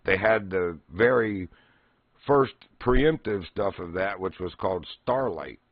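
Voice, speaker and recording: A man's voice: low voice, animated, unhurried, no room sound, dull audio. A man streaming, casually telling old gaming stories and laughing often. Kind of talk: casual storytelling.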